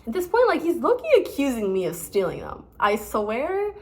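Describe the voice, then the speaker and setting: A woman's voice: fairly high pitch, huge pitch swings, moderate pace, a little mellow, a little hiss or hum. A young woman from the United States in her twenties, casually telling stories to the camera with lots of fillers and restarts. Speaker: vlogger.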